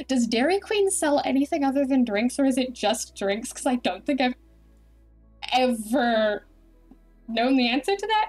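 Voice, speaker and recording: An Australian-accented woman streams while gaming and chats in a rambling, animated way. Her voice sits a little high. Soft music plays under her talk. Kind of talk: casual chat while gaming.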